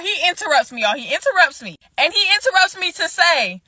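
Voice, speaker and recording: A woman tells a casual storytime straight to her viewers. Her voice is bright and swings widely in pitch. The sound is dry and close. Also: quick pace, hardly any pauses, no room sound. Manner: animated, talks to viewers as y'all.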